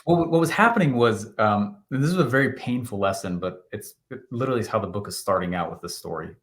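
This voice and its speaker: Animated, laughing male storyteller. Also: lowish voice, fast talker. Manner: animated, laughing, acts out quotes. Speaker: guest, marketing entrepreneur. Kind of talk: storytelling in an interview.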